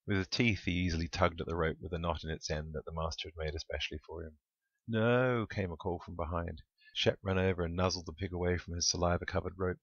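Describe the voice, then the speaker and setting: A man reads his own comic storybook aloud with a wry, deadpan delivery and a very low voice. The recording is dull and lo-fi, dry and close. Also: breathy edge, no room sound. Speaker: author reading his book. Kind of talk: audiobook narration.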